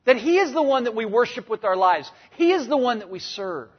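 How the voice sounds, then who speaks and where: Man, pastor, preaching, high voice, hushed then emphatic, dull lo-fi sound. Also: very animated, brisk, slightly rough, in a large hall. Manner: dynamic, swinging between hushed and emphatic. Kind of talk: sermon.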